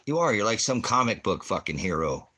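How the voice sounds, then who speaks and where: A man's voice: lowish voice, sing-song, brisk, sharp tone. A man hosting a ministry livestream who answers the chat with insults and mockery, swinging from crude jokes to scripture. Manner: profane, insulting, mocking; jumps between jokes and scripture talk.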